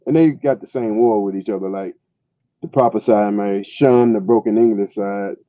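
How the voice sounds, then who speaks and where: A man's voice: on the low side, normal speed, no echo. A man co-hosting a casual podcast chat, blunt and profane, laughing as he talks. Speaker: podcast co-host. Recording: dull dry lo-fi sound.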